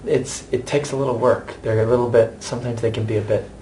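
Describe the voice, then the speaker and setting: American man, thirties, stage actor, chatty and animated, candid interview, medium pitch, faint hiss behind. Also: quick pace. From United States. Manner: chatty and animated, with many restarts and asides.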